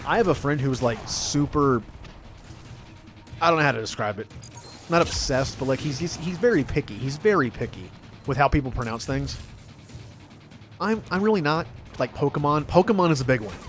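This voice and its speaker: A man in the middle of his range rambles casually while playing a game, reacting loudly and chatting with viewers. Game music sits faintly behind his voice. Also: mid-range voice, moderate pace, pauses often. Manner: chatty and excitable, yelps and laughs at the game. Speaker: streamer. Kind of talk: casual gameplay commentary.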